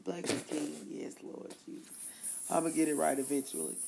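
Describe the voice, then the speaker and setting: A woman co-hosting a podcast, rambling casually about songs she has on repeat, with frequent laughs and quick asides. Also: low voice, big pitch swings, gravelly, background noise. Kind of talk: casual chat about music.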